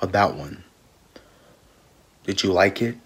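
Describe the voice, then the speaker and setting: A man voicing an improvised comedy skit, talking softly with mumbled, halting restarts. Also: sits low, expressive, husky. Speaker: creator voicing all characters.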